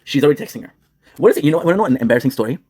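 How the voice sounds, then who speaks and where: Young male streamer, crude rambling banter, quick husky delivery. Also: on the high side, animated, a little mellow. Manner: crude, rambling banter, switching between English and French. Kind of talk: casual joking chat.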